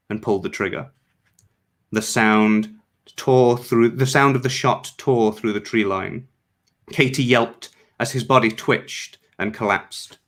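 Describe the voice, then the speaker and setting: A male author reading his fiction aloud in a steady, measured way. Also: medium pitch.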